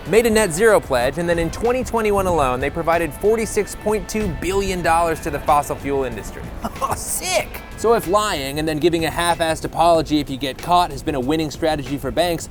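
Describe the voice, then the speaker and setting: A man hosting a comedic explainer video, delivering narration with sarcastic, jokey, mock-indignant asides. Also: on the high side. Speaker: host.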